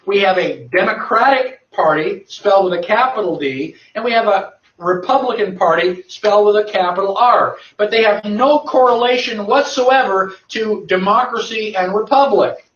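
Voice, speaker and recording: Emphatic male lecturer, fairly high voice, distant and muffled in a roomy hall. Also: moderate pace, few pauses, fairly bright tone. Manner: emphatic, rhetorical questions answered himself. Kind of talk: lecture to a live audience. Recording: echoey, distant, dull lo-fi.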